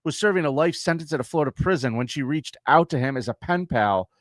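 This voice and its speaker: A man's voice: a little high, expressive, fast, dry recording. Podcast co-host, man, middle-aged, dry booth sound, casual swearing comic delivery. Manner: reads news story aloud with jokes, swears casually. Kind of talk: casual comedic chat.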